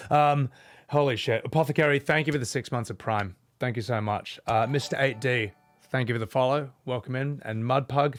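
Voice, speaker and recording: A young man giving sarcastic, sweary live commentary while streaming a game and reading chat. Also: mid-range voice.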